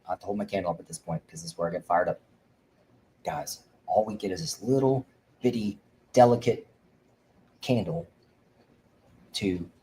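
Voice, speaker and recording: A man's voice: fairly low pitch, mellow, a little hiss or hum, rough recording. A man hosting a livestream for veterans, preaching fervently and rambling with frequent restarts. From Indiana. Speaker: veteran advocate host. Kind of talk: livestream talk.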